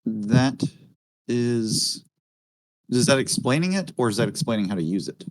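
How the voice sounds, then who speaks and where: A man's voice: medium pitch, animated, unhurried, no echo, poor audio. A man in a casual trading chat who talks thoughtfully, correcting himself and encouraging his friend. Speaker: trader in a group voice chat.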